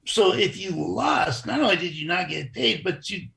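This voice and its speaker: A man's voice: high-pitched, normal speed, vocal fry, fairly bright tone. An older man, a former wrestler, telling stories in a rambling, casual interview. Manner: rambling, restarts, chuckles.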